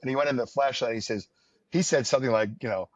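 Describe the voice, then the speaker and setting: A New York-area podcast host with a mid-range voice talks fast in casual chat, rambling through wry stories thick with fillers. His audio is dull, dry, and lo-fi, with no room sound.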